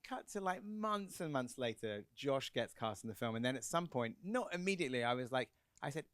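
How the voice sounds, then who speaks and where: A man's voice: medium pitch, sing-song, fairly bright tone, no echo. English guy on stage at a film q&a, rambling funny stories, dry close sound. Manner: quick, chatty, laughing storyteller. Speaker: film director guest. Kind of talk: animated anecdote telling. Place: cinema Q&A on stage.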